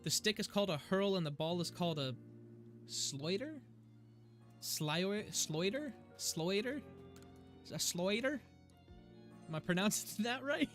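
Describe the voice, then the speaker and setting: A talkative man on a live game stream, his voice sitting a little high for a man. He rambles loosely between topics and breaks into easy laughter as he plays. Soft game music runs underneath. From United States. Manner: chatty and rambling, laughs easily. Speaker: gaming streamer. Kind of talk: casual live-stream chat while playing. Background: faint game music.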